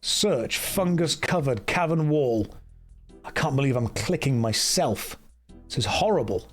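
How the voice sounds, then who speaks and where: A man's voice: mid-range voice, animated, unhurried. Man, game streamer, casual jokey rambling, reads game text aloud, faint music behind. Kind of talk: casual gameplay livestream chat.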